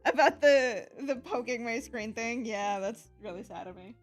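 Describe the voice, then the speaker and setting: Bubbly woman streamer, kinda high voice, chatty w lots of ums, faint music in back. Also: moderate pace. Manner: chatty, laughs often, many fillers. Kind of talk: live stream chat.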